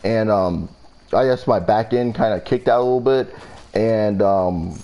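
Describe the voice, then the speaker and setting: A man's voice: fairly low pitch, measured pace, dark tone, dull audio, slight background noise. A young man casually telling a storytime vlog story, rambling and profane with lots of fillers. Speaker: vlogger.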